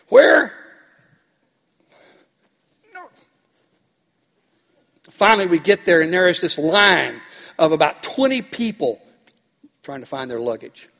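A pastor with a fairly high, fairly bright voice tells a story animatedly during his sermon, acting out the people in it. The recording has long hall reverb.

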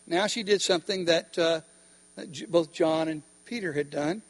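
Preacher, male, high pitched, emphatic sermon with call-and-response, long hall reverb. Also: moderate pace.

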